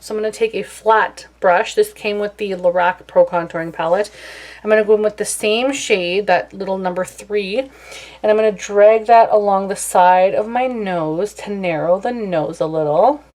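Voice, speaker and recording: A woman's voice: mid-range voice, normal speed. A young woman chatting casually through a makeup tutorial, self-deprecating and talkative. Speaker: beauty vlogger.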